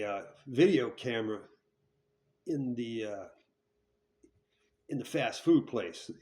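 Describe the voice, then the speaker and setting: A man's voice: mid-range voice, a little mellow. A man telling a hard story from his own past in a blunt, profane way. He rambles, restarts his sentences and keeps asking "right?". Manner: checks in with tag questions. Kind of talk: candid storytelling.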